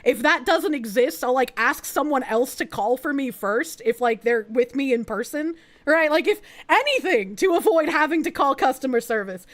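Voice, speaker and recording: A young woman with a high, girlish voice, chatting to her stream audience. She rambles through her points, peppers them with fillers and swears, and keeps breaking into giggles. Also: lively intonation, moderate pace, few pauses. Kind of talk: casual livestream chat.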